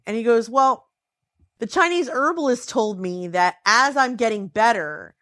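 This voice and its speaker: A tired woman tells a story in casual chat. Her voice sits a little high, and she throws it around to act out what people said. The sound is dry and close. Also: moderate pace, no echo. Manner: animated, acts out quotes with pitch swings.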